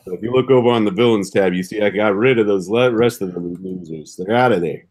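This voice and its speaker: Brief: man playing a lower-pitched tough-talking gutter fixer with a street drawl. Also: fast talker, darkish tone, lightly acted. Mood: grim. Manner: gruff slangy street talk, ain't and gonna. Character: streetwise male gutter fixer addressing the crew.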